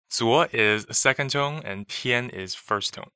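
Brief: man co-host of a language lesson, slow deliberate pace, bright forward tone, relaxed and brief. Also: medium pitch, smooth, no echo, studio quality. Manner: relaxed, brief replies, models pronunciation slowly. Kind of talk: casual podcast lesson.

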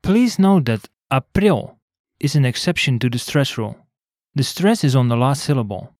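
A man co-hosting a scripted language lesson, explaining clearly and spelling words out letter by letter. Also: medium pitch, lively intonation, fairly quick, darkish tone, no echo, studio quality.

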